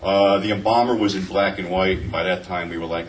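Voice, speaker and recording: A man in his fifties, a panel guest, telling profane, animated anecdotes and acting out the quotes, picked up from a distance with faint noise. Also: sits low, brisk. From New Jersey. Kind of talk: casual convention panel storytelling. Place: convention panel room.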